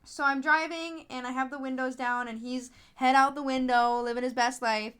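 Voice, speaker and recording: Animated chatty woman, slightly high voice. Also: moderate pace, clean tone. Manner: animated storytelling, acts out others in high voices; chatty, frequent fillers and restarts. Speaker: podcast host, app founder being interviewed. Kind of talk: casual interview chat.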